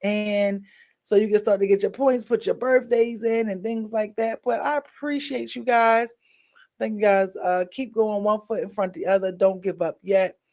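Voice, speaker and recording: Wrapping up her stream, a tired mother talks to viewers in chatty, slangy fashion and cheers them on. Her medium-pitched voice holds a fairly even intonation at a moderate pace, with a darkish tone.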